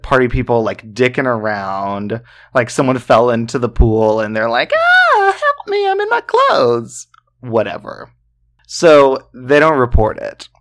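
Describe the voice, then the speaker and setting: A man co-hosting a podcast, telling a true-crime story in a loose, chatty way full of fillers and swearing. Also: lowish voice. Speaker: podcast co-host.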